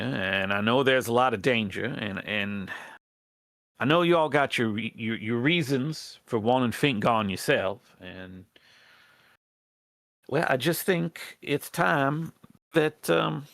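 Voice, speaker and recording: A man voicing a halting, earnest rat rebel woman. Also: medium pitch, animated, creaky, a bit bright, no room sound, studio quality, voice pushed up. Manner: halting, hesitant, folksy drawl with many restarts. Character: earnest female rat rebel pleading for allies. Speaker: game master. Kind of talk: in-character role-play in a tabletop game.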